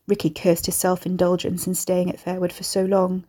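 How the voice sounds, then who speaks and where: A woman reading a horror story aloud in a measured storytelling manner. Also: fairly low pitch, completely flat delivery, warm tone. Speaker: narrator. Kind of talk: scripted horror narration.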